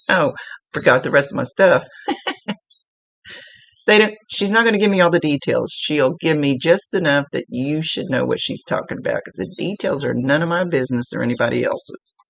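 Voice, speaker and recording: A woman's voice: deep voice, expressive, moderate pace, creaky, low-quality recording. A woman psychic medium giving a casual spoken reading, chatty and explanatory with folksy asides.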